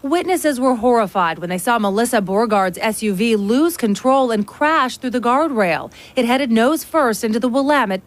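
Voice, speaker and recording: A female news anchor reading scripted stories clearly and evenly. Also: on the high side. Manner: clear, measured delivery.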